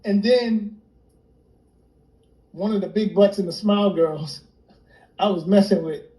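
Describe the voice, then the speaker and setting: Animated New York man telling a story. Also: high voice, takes it slowly, reverberant, poor audio. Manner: animated storyteller acting out quoted friends. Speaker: interview guest, rapper and producer. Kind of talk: casual storytelling interview. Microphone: phone or computer on a livestream.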